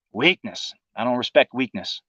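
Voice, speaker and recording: A man's voice: mid-range voice, vocal fry, bright, forceful tone, breathy edge, no room sound, highs cut off. A man hosting a livestream, delivering a profane, sarcastic political monologue in a casual ranting manner. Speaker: livestream host.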